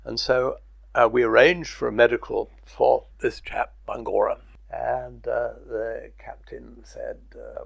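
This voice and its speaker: Older man, very gravelly voice, anecdotal storyteller, chuckles often, dry close sound. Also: mid-range voice, fairly even intonation, unhurried, no room sound. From Britain. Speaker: interviewee. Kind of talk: oral history recollection.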